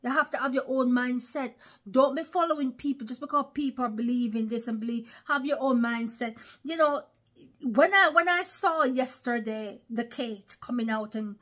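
With a high, slightly bright voice at a moderate pace, this online preacher delivers emphatic religious commentary in her vlog, frequently addressing her audience as brothers and sisters.

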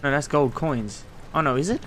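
A man giving casual let's-play commentary, swearing a lot, excitable, and talking to himself as he plays. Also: fairly high pitch, normal speed, a little hiss or hum. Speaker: gameplay streamer.

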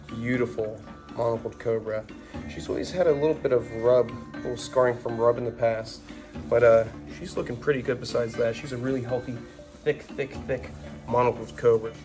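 A young man hosting a casual vlog about caring for his snakes and lizards, chatty and enthusiastic, recorded on a phone propped up nearby. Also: mid-range voice. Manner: chatty, enthusiastic, coos at the animals. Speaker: reptile keeper and show host. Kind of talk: casual animal-care vlog. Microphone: phone propped up on a can.

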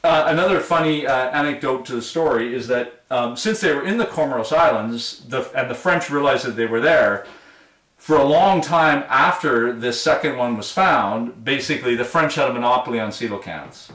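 A man's voice: mid-range voice, moderate pace, fairly bright tone. Enthusiastic male professor in a roomy space. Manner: enthusiastic storyteller, acts out quoted voices. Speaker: university biology professor. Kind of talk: recorded online lecture. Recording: roomy, distant mic.

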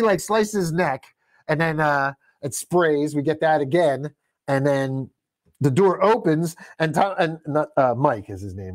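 A man co-hosting a horror podcast, casually reviewing a movie and acting out scenes with quick voices. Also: fairly high pitch, dry recording. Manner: animated retelling with quick voices and laughs. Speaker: podcast co-host.

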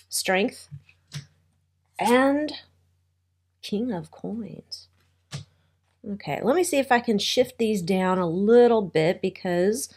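A woman's voice: mid-range voice, darkish tone. A woman giving a casual tarot reading, chatty, with wry asides and thoughts that trail off. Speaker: tarot reader.

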